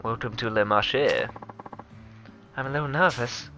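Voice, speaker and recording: A man voicing a young woman who is anxious and grieving, reading her lines softly and hesitantly. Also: medium pitch, moderate pace, highs cut off, soft background music.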